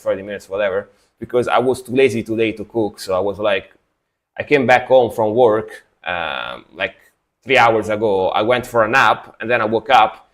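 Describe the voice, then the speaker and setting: Medium-pitched and fairly bright, a young man from Italy streams music reactions, talking casually to viewers. He's just woken from a nap and drowsily rambles in an easygoing manner.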